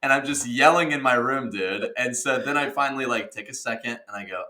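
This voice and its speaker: A man in his twenties co-hosting a podcast, telling stories in a casual, excitable way with laughter and exaggeration. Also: mid-range voice, a little fast, few pauses. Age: 20s. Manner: excitable, exaggerated retelling with laughter and mild cursing. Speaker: podcast co-host. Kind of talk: casual chat, animated storytelling.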